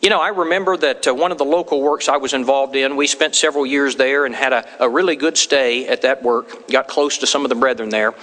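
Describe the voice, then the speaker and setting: A man's voice: medium pitch, steady tone, fairly quick, few pauses, bright, forceful tone. A man preaching a sermon in a church, telling homey stories and quoting people in acted voices. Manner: folksy storytelling with acted quotes. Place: church sanctuary. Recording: long hall reverb.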